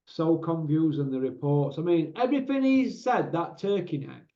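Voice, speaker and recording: A man's voice: on the high side, animated, moderate pace, warm tone. A man hosting casual boxing commentary, ranting in an exasperated way and tacking tag questions onto his points. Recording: roomy, dull lo-fi sound.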